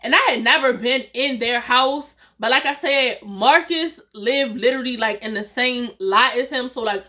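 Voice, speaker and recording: Brief: high, bright-voiced woman vlogger, animated storyteller, quotes everyone. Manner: animated, quotes dialogue, laughs often. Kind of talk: storytime vlog.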